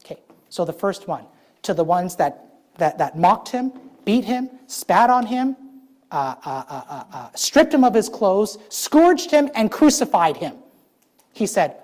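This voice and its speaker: A woman's voice: medium pitch, big pitch swings, a little mellow. Woman preaching a conversational sermon. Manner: conversational, checks in with the congregation, many fillers; stretches key phrases slowly for emphasis.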